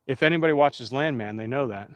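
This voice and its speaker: A chatty man from Pennsylvania live-streams, talking fast in a mid-range voice on a dry recording. He rambles casually and speaks straight to his chat.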